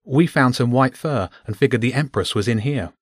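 A man's voice: medium pitch, moderate pace, no room sound, studio quality, close to an everyday voice. A man voicing a confident young boy who encourages the others. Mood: eager.

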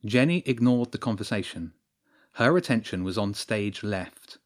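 A man narrating a story in a steady storytelling voice. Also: lowish voice, normal speed. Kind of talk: scripted narration.

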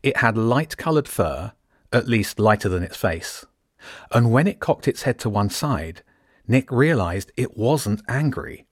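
A man narrating an audiobook in a steady, measured storytelling voice. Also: medium pitch, slightly rough, dry recording, clean studio sound.

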